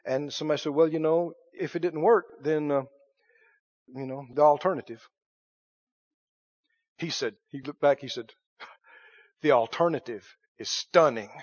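A man preaching a lively sermon, dropping to hushed asides and rising to shouts. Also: fairly high pitch, normal speed, pauses often, muffled recording.

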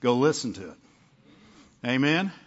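A man's voice: medium pitch, very animated, a little slow, dull audio. A male pastor preaching a conversational sermon, often asking the congregation "amen?" and "right?".

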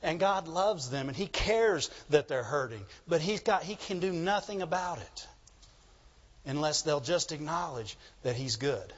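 Animated high-voiced preacher man. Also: unhurried, husky, muffled recording. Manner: animated, call-and-response preaching. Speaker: pastor. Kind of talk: sermon.

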